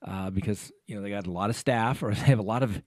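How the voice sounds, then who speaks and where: A man hosts an interview in a casual, conversational way, often repeating words as he gathers his thoughts. His voice sits fairly low, and the sound is dry and close. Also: quick pace, a little mellow, dry recording. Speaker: host, trial attorney.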